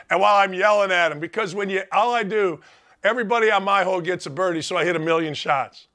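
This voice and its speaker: A man's voice: medium pitch, fairly bright tone. A middle-aged man hosting a sports talk show, pouring out heartfelt, emphatic thanks while tearful. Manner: heartfelt, emphatic, repetitive gratitude. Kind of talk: emotional monologue.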